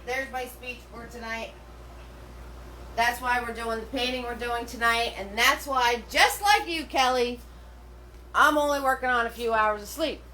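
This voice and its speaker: A woman's voice: fairly high pitch, unhurried, bright, forceful tone, far from the mic. A middle-aged woman teaching a live painting class in a chatty, rambling way, full of fillers and restarts. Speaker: painting instructor. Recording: roomy, from away from the mic, faint hum.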